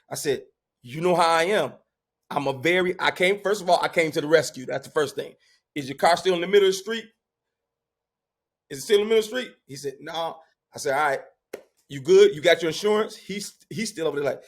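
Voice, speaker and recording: A man in his fifties telling a family story in casual talk, animated and loud when he quotes himself. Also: on the high side, fast talker. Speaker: podcast guest.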